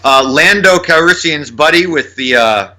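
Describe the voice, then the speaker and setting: A man's voice: on the high side, expressive, normal speed, pushed and bright. A man co-hosting a casual film podcast, talking loosely, swearing now and then and rattling off cast trivia. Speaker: podcast co-host.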